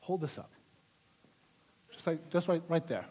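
A man's voice: on the high side, lively intonation, a little slow, warm tone. A man preaching a live sermon in a church service, emphatic, repeating phrases for stress.

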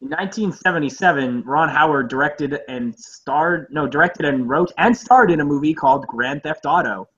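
A man's voice: fairly high pitch, normal speed, hardly any pauses, fairly bright tone. A young man co-hosting a casual movie podcast, rambling and profane, laughing often. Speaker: podcast co-host. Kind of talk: casual movie review chat. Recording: dull lo-fi audio.

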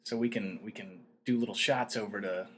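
A man's voice: on the low side, fairly even intonation, fairly quick, fairly bright tone, slight background noise. A man co-hosting a podcast in casual chat, laid-back and slangy, with a drawling delivery. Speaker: podcast co-host.

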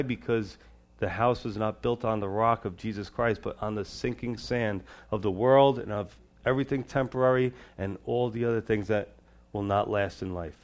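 A pastor preaches a sermon, his delivery moving between raised, emphatic lines and soft, low-pitched asides.

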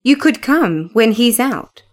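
Lady doing a whiny sick teen boy in a storybook, kinda high voice, fretful. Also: expressive, takes it slowly. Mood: peevish. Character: sickly peevish teenage boy invalid.

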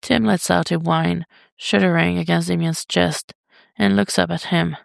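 A woman narrating fiction as a podfic in a steady, unhurried read. Her voice is strongly gravelly with fry. The sound is dry and close. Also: lowish voice, no echo. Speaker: podfic reader.

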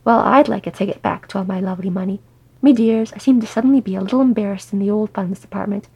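A woman playing a loud dwarf rogue. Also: medium pitch, fast talker, vocal fry, breathy edge, dull audio. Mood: boisterous. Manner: loud, chummy and wheedling. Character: roguish old male dwarf thief, cheeky.

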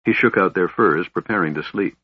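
A man with a lowish, husky voice narrates a fantasy audiobook at a measured pace. The recording is dry and somewhat dull, without any room sound.

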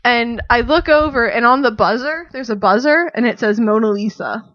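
Giggly high-voiced woman telling a story. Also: moderate pace, dry recording, lo-fi sound. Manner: animated, giggly, acts out quotes in a high voice. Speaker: podcast guest. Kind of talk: casual storytelling chat.

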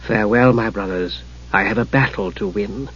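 Guy reading a sly dark goddess, low and hushed, silky and mocking, husky, kinda muffled lo-fi audio. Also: normal speed. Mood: scheming. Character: scheming dark goddess, sweet-voiced and mocking. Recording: muffled lo-fi recording.

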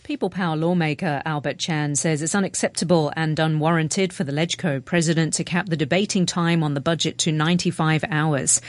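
Measured female radio newsreader, dry sound. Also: deep voice, dry recording. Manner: crisp, measured reading. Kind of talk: radio news headlines.

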